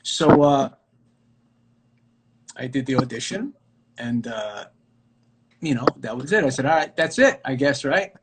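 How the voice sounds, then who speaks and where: A middle-aged man from New York, an actor guest telling stories casually on a live video call, animated and full of fillers and restarts. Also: mid-range voice, unhurried, long pauses, background noise. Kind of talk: casual storytelling interview.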